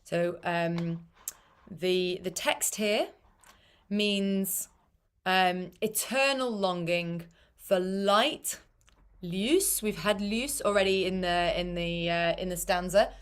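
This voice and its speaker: A woman's voice: on the low side, takes it slowly, smooth. A woman coaching a choir on pronunciation, patiently repeating and demonstrating each sound. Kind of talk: language coaching for singers.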